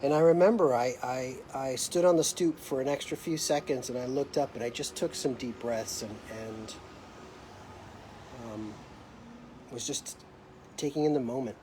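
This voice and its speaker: A man's voice: mid-range voice, normal speed, noisy background. A middle-aged American man hosting a live video, telling a personal story in a reflective, hesitant way with many fillers and restarts. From United States.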